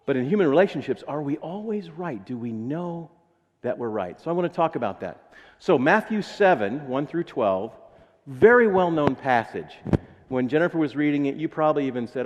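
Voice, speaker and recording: A man's voice: fairly high pitch, expressive, moderate pace, big-room sound, highs cut off. A man with an American accent preaching a sermon in a casual, joking way, acting out little voices. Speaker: pastor. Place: church sanctuary.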